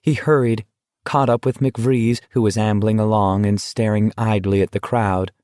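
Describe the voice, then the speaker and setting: A man reading an audiobook as narrator in a measured, tense dramatic style. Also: lowish voice, fairly even intonation, a little mellow, smooth, dry recording, clean studio sound. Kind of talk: scripted narration.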